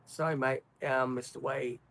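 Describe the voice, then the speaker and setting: A man's voice: medium pitch, steady tone, moderate pace, creaky, a bit bright, rough recording. An Australian man hosting a livestream, chatting casually, apologetic and rambling with many ums. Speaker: livestream host. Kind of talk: casual live-stream chat.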